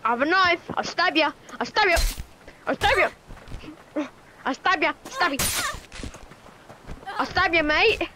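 A woman's voice: extremely high pitch, lively intonation, a little slow, pauses often, pitched above the performer's own voice. A woman doing a menacing Australian bloke. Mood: threatening. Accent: put-on Australian. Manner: repetitive, taunting threats. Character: menacing knife-waving Australian bloke, male. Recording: noisy game audio behind.

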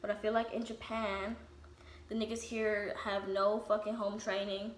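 A young woman vlogger telling a story while doing her makeup, blunt and animated, with lots of swearing. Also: medium pitch, moderate pace. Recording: echoey room with faint background noise.

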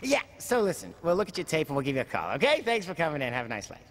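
An actor playing an impatient casting director who stammers repeated words and brushes off an auditioner. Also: male voice, a little high, huge pitch swings, racing, fairly bright tone, in a large hall, slight background noise. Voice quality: stammering repetitions, brusque. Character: impatient, fast-talking male casting director.

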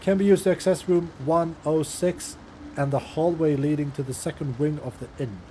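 This gaming channel host is a young non-native English speaker with a warm voice on the high side, talking at normal speed against slight background noise. In his casual let's-play of a horror game, he jokes profanely and chats with the on-screen characters.

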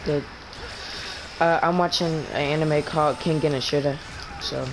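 A teenage boy chatting with friends over voice chat while playing an online game, excitable and prone to voice cracks when he yells. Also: fairly high pitch, normal speed, noisy background. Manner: excitable, shouts during fights, voice cracks upward. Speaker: gamer streaming with friends. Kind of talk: casual voice chat while gaming.

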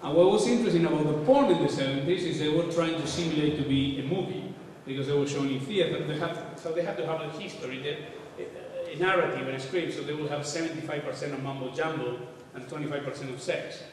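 A man's voice: fairly high pitch, quick pace, darkish tone, distant mic, a little hiss or hum. A man giving an informal, irreverent architecture lecture, sometimes swearing, in a large lecture hall. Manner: casual, irreverent, occasionally swearing. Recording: echoey hall, voice from afar.

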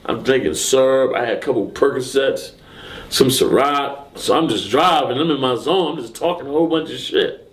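A man being interviewed, telling a story casually and acting out what people said with sudden high, loud bursts. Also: moderate pace. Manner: animated, acts out quotes and shouts in sudden high bursts.

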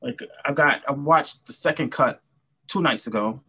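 A middle-aged man from New York City, a guest musician chatting casually and telling animated stories. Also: mid-range voice, normal speed, husky, no echo. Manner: chatty, storytelling, animated anecdotes. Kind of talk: casual interview chat.

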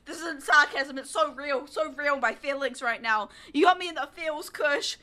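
A woman's voice: high-pitched, moderate pace, hardly any pauses, pushed and bright. A woman from New Zealand streaming a story game, chatting and teasing her viewers playfully with giggles. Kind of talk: casual let's-play chat.

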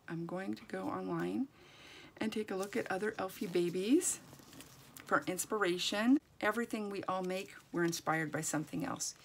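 A woman's voice: on the low side, vocal fry, slight background noise. A woman giving a chatty, encouraging crafting tutorial as a doll artist, thinking aloud as she works.

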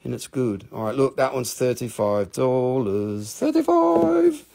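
A man hosting a live rock and mineral sale, chatting casually. He talks fast, rambles with excitement and swears freely. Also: mid-range voice, creaky. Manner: talks fast when showing items. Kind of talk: live sales stream, casual chat.

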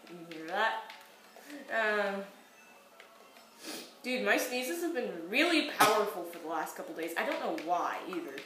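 A woman's voice: mid-range voice, expressive, measured pace, long pauses. A young woman playing a racing game with a friend, chatting and cheering in a giddy, playful way. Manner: giddy, playful, bursts into sing-song shouts. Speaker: gamer recording a let's play. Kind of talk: excited gaming chat. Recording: roomy echo, mic far off, faint background noise.

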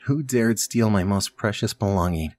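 A man's voice: fairly low pitch, moderate pace, a little mellow, dry recording, close to an everyday voice. A man reading the lines of a stern little girl witch from a game aloud, who threatens punishment in his own plain voice.

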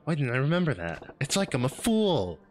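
A man streaming a game, chatting casually, laughing often and thinking out loud as he works through clues. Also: medium pitch, huge pitch swings, a little hiss or hum. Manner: laughs often, thinks aloud, spells words out slowly. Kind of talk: casual gameplay chat. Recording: faint game music behind.

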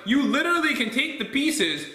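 A young man co-hosting a casual vlog, playful and excitable, often laughing. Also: very high voice, normal speed, roomy sound. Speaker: co-host. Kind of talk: casual chat.

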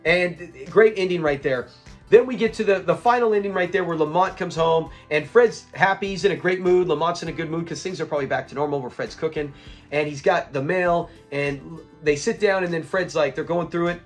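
A man hosting an episode review, retelling scenes in a lively, chuckling, casual way. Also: a little high, brisk, faint music behind.

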